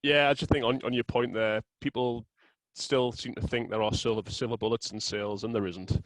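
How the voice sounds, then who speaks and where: A man guesting on an interview, explaining his approach in a steady, thoughtful way. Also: medium pitch, no room sound, poor audio. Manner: measured, explanatory, with fillers and restarts. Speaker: guest, sales software co-founder. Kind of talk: casual interview chat.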